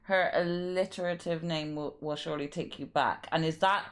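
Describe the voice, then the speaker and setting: A woman's voice: deep voice, steady tone, moderate pace. A woman streaming a mystery game live, thinking aloud and reading clues and letters aloud. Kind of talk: live gameplay commentary.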